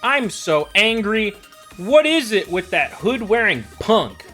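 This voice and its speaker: A streamer voicing a loud, bossy, excitable teenage girl in a game read-along, with a huffy, exaggerated manner. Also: mid-range voice, measured pace, soft background music, voice pushed up. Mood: indignant.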